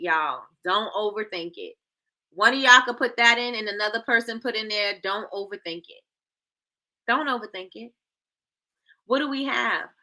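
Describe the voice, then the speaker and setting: A woman's voice: fairly high pitch, pushed and bright. A woman hosting a casual livestream, playfully quizzing her chat and repeating herself, calling them y'all. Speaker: livestream host.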